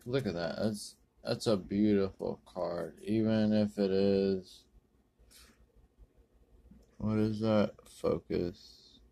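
A man rambling through a pack opening, correcting himself and using many ums and uhs, with sudden bursts of excitement. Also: on the low side, creaky. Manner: bursts of excitement over good pulls. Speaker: card-opening video host. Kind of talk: casual pack-opening commentary.

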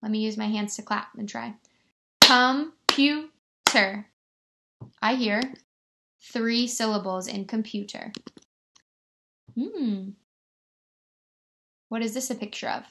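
A woman teacher giving a remote lesson to young children, stretching words out slowly and encouraging them. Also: medium pitch, fairly even intonation, creaky, a little hiss or hum. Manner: slow, exaggerated word-stretching, encouraging.

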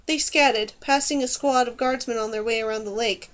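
Woman audiobook narrator, measured and even, high-pitched.

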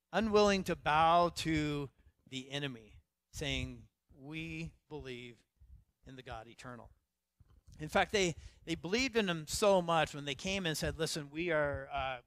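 A middle-aged male pastor preaching from a church stage, telling his story with lively self-quotes before sinking into hushed emphasis. His voice sits a little high for a man. The sound is close and dry, with little room around it. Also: no echo. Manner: storytelling, animated, quoting himself, drops to quiet emphasis. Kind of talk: sermon.

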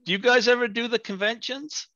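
A man's voice: very high-pitched, steady tone, a little fast, highs cut off, a crowd in the background. A man hosting an interview show, telling a casual story that keeps losing its thread, with easy laughter. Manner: rambling, loses his thread and laughs easily. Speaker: podcast host.

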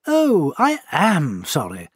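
A man doing a small, clear-voiced young creature. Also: high voice, wildly swooping pitch, moderate pace, a little mellow, no room sound, clean studio sound, voice pushed up, heavily acted. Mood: apologetic. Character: small unseen young creature, polite and solicitous.

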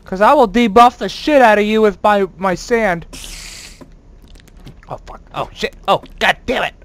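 Man, very high voice, let's play commentary, excitable, swears, yelps at scares, playful bragging. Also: unhurried. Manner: playfully boastful. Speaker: gaming channel host.

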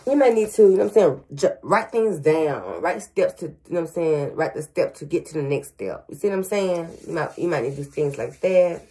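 A woman's voice: sits low, expressive, a little fast, few pauses, warm tone. A grandmother working as a psychic medium, giving a casual reading to viewers with frequent stutters, fillers and "y'all". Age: older.

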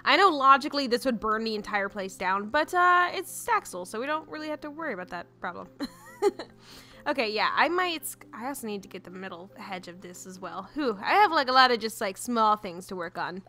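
A woman's voice: on the high side, expressive, brisk, bright, forceful tone, soft background music. A young woman giving casual, chatty commentary on her own video game, giggly and easily flustered. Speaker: gaming YouTuber. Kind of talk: casual let's-play commentary.

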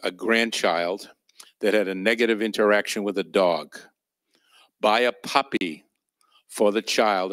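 A man's voice: on the low side, no room sound, clean studio sound. A man teaching at a church training session, telling personal ministry stories in a conversational, anecdotal way with fillers and chuckles. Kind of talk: storytelling sermon.

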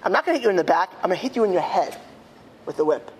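A man's voice: high voice, big pitch swings, rapid-fire, big-room sound, a little hiss or hum, poor audio. A man voicing a cruel, mocking male camp guard who speaks in threats. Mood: menacing.

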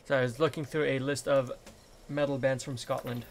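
A man's voice: medium pitch, level tone, fairly quick, slight background noise. A man chatting casually with a friend while playing a game, in an easygoing way. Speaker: gamer. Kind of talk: casual chat while gaming.

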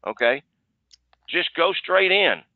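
A man coaching sales staff on a conference call in an energetic, folksy way, often repeating himself. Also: a little high, takes it slowly, no echo. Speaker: sales trainer. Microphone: conference call line. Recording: tinny phone line.

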